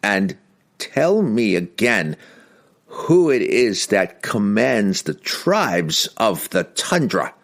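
A pampered, scheming wizard speaks in a slow, crooning purr with quiet menace, as a man reads him aloud. The voice sits low yet rises and falls with lively inflection. It is drawn-out and calm, with an evil edge. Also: exaggerated voice. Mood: silky menace.

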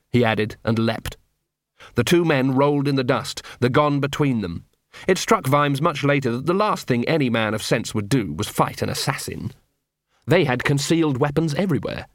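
A man's voice: mid-range voice, no echo. Man narrating a story in a dry studio. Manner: steady storytelling with lightly voiced dialogue. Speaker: audiobook narrator. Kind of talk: scripted narration.

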